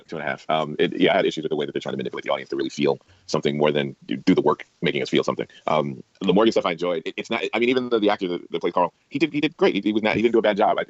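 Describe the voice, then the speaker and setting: Deep voiced podcast guest, hesitant, talks fast, dull lo-fi sound. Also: male voice, no echo. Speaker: podcast panelist. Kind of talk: casual podcast chat. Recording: muffled lo-fi recording.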